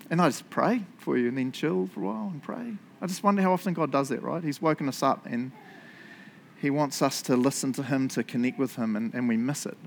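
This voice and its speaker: A middle-aged man giving a relaxed sermon. He talks to his congregation like friends, confessional and self-deprecating, and laughs easily. His voice sits at an ordinary middle pitch. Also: slight background noise. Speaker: pastor. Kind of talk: casual conversational sermon.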